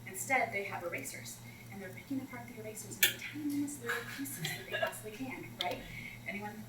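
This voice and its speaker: A woman's voice: on the high side, a little fast, heavy background noise. Chatty woman coach in an echoey room. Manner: chatty and animated, acting out classroom scenes. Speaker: math instructional coach leading a teacher workshop. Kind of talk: presenting to teachers. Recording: roomy echo, far from the mic, faint ambience.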